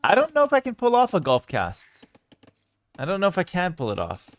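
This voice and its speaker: A young man casting a strategy game live and chatting with his viewers, with sudden bursts of excitement. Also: sits high, brisk, no echo. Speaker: game streamer and caster. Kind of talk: live game commentary with chat.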